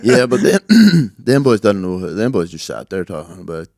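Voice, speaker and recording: A young man with a low voice, chatting in a laid-back, sweary way with his mate on a podcast. The sound is dry and close, with no room to it. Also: wildly swooping pitch, moderate pace, vocal fry, a little mellow, dry recording. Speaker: podcast co-host. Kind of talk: casual chat.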